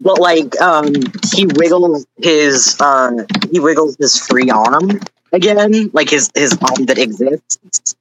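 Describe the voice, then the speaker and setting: A man playing in an online tabletop game, hesitantly narrating his character's actions with many pauses and fillers. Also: fairly high pitch, animated, background noise. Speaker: tabletop role-play player. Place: online voice call.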